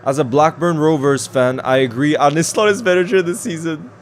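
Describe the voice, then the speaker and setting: A man's voice: a little high, a little fast. A man hosting a live football watchalong, chatting casually, reacting to the match and reading out viewer comments. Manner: chatty, reads out viewer comments, talks to his pet. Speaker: football livestream host.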